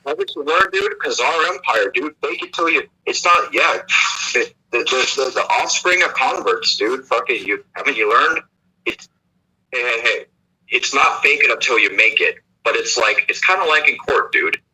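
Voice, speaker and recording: A man's voice: medium pitch, sing-song, moderate pace, pushed and bright, slightly rough, rough recording. A man co-hosting a livestream, rambling in crude casual banter with frequent restarts and repeated words. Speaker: livestream co-host.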